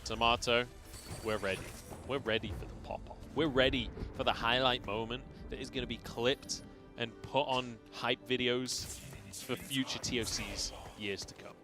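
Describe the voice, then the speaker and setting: A man's voice: medium pitch, fairly even intonation, moderate pace. A man from England casting an esports match in casual, joking banter with a co-caster. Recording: music bed behind.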